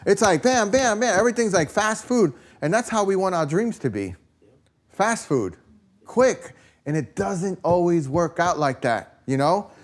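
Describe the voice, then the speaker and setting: A man's voice: high-pitched, expressive, unhurried. A man preaching a conversational sermon, telling stories with lots of "you know" and rhetorical questions to his listeners. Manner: rambling storytelling, peppered with "you know" and "right?".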